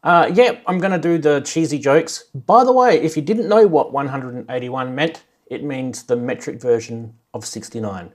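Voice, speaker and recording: A man's voice: mid-range voice, normal speed, few pauses. A man with an Australian accent hosting a casual livestream, cracking corny jokes and greeting viewers by name. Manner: jokey, rambling, greets chat by name. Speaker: livestream host.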